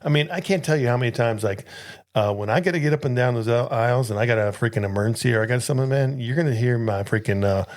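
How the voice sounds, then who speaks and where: A man's voice: mid-range voice, fast, darkish tone. A man co-hosting a casual podcast, a flight attendant who jokes bluntly and swears freely. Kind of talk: casual chat.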